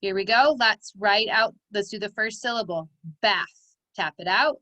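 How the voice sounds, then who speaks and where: A woman's voice: medium pitch, unhurried, pushed and bright, no echo. A woman teaching phonics, patiently dictating words and stretching out their sounds for young children. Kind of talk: slow, clear teaching dictation.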